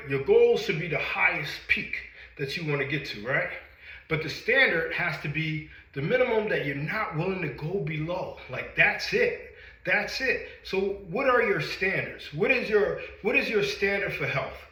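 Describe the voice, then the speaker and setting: A middle-aged male fitness coach, still winded from a workout, talks straight to his viewers with energy. His voice sits a little high and rings bright and forceful. The room around him is echoey. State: out of breath after a workout. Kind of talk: motivational talk to camera.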